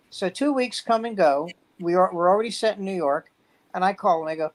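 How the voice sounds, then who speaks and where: A man's voice: high-pitched, fairly quick, poor audio. A man, a veteran stand-up comedian, telling rambling anecdotes in casual chat and acting out the quotes.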